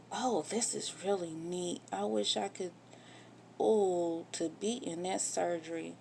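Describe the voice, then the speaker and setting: A woman's voice: on the low side, a little mellow, slight background noise. A woman candidly telling a personal story in a vlog, getting emotional and swearing when upset. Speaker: vlogger telling her own story.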